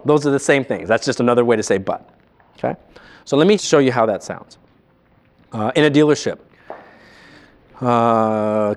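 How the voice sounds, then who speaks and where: A man training salespeople in a live seminar, animated and quizzing his audience. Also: a little high.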